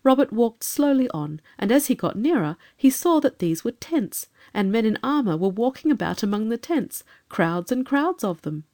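A woman reading a children's storybook in a calm, measured, expressive manner. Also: fairly high pitch. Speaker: narrator.

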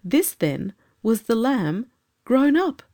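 A woman reading a storybook aloud as narrator, measured and expressive. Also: fairly high pitch. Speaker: audiobook narrator.

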